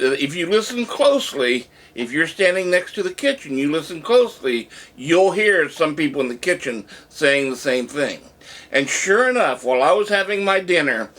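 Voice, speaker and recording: A man telling a story in a casual monologue, acting out the lines he quotes. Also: a little high. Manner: animated retelling, acts out shouted quotes. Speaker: vlogger.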